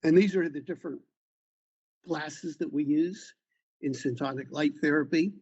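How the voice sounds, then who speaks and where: A man's voice: fairly high pitch, normal speed, darkish tone, slightly rough, muffled recording. A man, a doctor, walking patients through slides in an informal talk with side remarks. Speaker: eye doctor leading a patient meeting. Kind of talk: slide presentation over a call.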